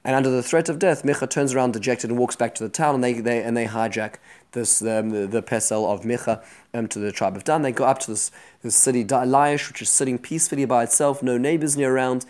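A man's voice: medium pitch, quick pace, darkish tone. A man teaching a Bible class, retelling the story with animation and frequent restarts.

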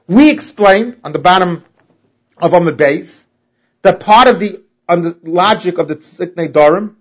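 A man teaching a Talmud lesson, reading the text and explaining it in a sing-song way that stresses key words. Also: a little high. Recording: dull lo-fi audio.

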